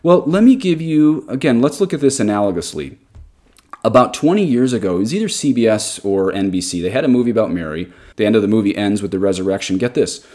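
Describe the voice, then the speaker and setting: A man's voice: on the low side, expressive, fast, mellow. A man in his thirties, a Catholic priest, reading from a catechism and then commenting in an emphatic, argumentative way.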